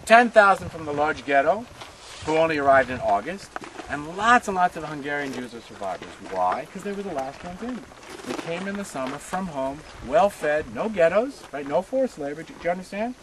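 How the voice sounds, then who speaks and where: A man's voice: on the high side, lively intonation, moderate pace, noisy background. A man giving a passionate history talk outdoors, often asking his listeners rhetorical questions. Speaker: history teacher. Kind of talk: guided tour talk. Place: outdoors at a memorial site.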